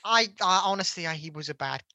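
A woman co-hosting a casual film-review chat, opinionated and picky about details, with quick asides. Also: lowish voice, expressive, pushed and bright, dry recording. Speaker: podcast co-host.

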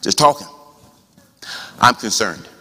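A man preaching a sermon as pastor, talking conversationally with rhetorical questions and rising to shouts. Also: fairly low pitch, lively intonation, takes it slowly, big-room sound.

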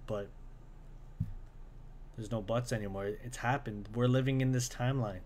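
A male podcast host giving an emotional monologue, venting raw and profane, sighing heavily and dropping to near-whispers at times. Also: medium pitch.

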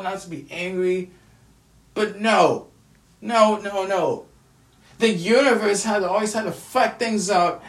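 This high-sitting male voice belongs to a vlogger venting on camera, cursing and circling back over the same complaints. The recording catches him far from the microphone in an echoey room.

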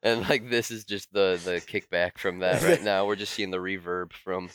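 Lowish smooth voice, podcast cohost guy, laughs a lot, riffs on bits. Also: fairly even intonation, moderate pace, a bit bright, no echo. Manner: laughs often, riffs on jokes in quoted voices. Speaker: podcast co-host. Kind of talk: casual chat.

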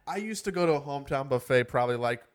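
A man hosting a casual podcast, rambling and self-deprecating in quick bursts, with a groggy morning voice. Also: mid-range voice, expressive. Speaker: podcast host.

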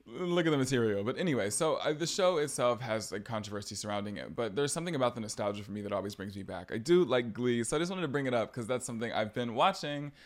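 A young man hosting a casual solo podcast, chatty and gossipy with sarcastic jabs. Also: fairly low pitch. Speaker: podcast host.

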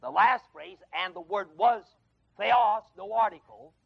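Gravelly high-voiced man teaching Bible class. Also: normal speed. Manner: emphatic, repeats key words, quizzes the class. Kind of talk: Bible lesson lecture to adult class. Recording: dull lo-fi 1979 class recording.

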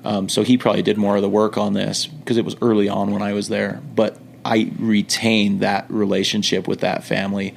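A middle-aged man with a low, gravelly voice tells loose, joking stories as a podcast guest. He restarts his sentences often and keeps a relaxed, class-clown manner. A faint hiss of noise sits behind him. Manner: laid-back, jokey, quick restarts. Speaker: podcast guest, returned missionary. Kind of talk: casual storytelling.

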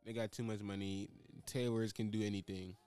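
A man co-hosting a sports podcast, tossing out relaxed quips and jokes. His voice is fairly low, with faint music running under the chat. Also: brisk, smooth. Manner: joking, laid-back quips. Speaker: podcast co-host.

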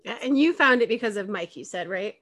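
A young woman hosting a casual podcast chat, giggly and lively as she tells stories. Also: mid-range voice, brisk. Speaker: podcast host.

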